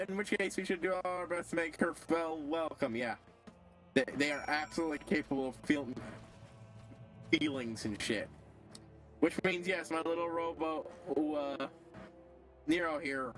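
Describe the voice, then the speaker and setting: A man's voice: on the high side, moderate pace, fairly bright tone, soft background music. A man streaming a game, chatting casually and reading the game's dialogue aloud. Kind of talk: casual gameplay commentary.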